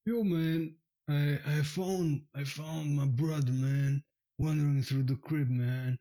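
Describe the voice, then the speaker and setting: Man doing Cal, a high laid-back dude. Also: fairly even intonation, takes it slowly, mellow. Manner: drawls "man" after every phrase.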